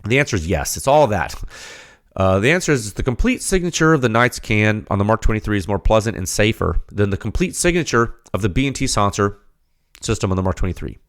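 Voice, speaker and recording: Guy hosting a tech podcast, gets worked up, lots of questions in a row, voice jumps around a lot. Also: fairly low pitch. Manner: animated, ranting, rapid rhetorical questions; heated, then settles into explaining data. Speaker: podcast host. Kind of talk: technical podcast talk.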